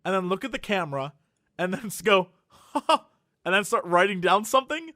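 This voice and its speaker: A man co-hosting a casual podcast, his voice sitting high and sounding bright and forceful. He tells stories animatedly and laughs often. The mic is close and dry, with no room sound. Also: expressive, fast talker, dry recording. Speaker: podcast co-host. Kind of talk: casual chat.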